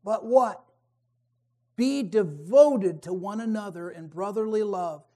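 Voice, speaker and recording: A man preaching a sermon, emphatic, swinging between forceful peaks and quiet, wry asides. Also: sits high, slow.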